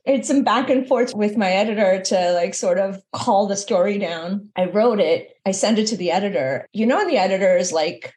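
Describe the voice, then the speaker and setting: A woman's voice: medium pitch, animated, moderate pace, hardly any pauses, darkish tone. A woman author as a podcast guest, talking candidly and conversationally about her work. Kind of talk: interview conversation.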